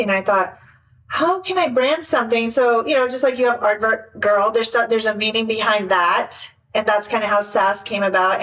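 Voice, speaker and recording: Animated woman, slightly off-mic. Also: medium pitch, distant mic, low-quality recording. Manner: animated, acts out voices in quotes. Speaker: guest, life coach. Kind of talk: casual interview chat.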